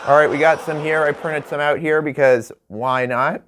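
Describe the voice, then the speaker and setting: A man's voice: fairly high pitch, steady tone, normal speed, noisy background. A man hosting a comedic home-made late-night talk show, joking through product listings and laughing at his own bits. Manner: jokey, laughs at his own bits, stretches words for emphasis. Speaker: host.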